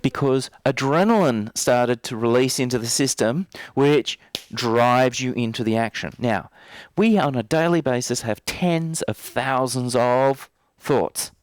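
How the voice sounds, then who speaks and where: A man's voice: mid-range voice, measured pace, few pauses, no echo. Trainer type, male, playful and teasing, dry close sound. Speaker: NLP trainer. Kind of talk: live workshop demonstration. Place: training room.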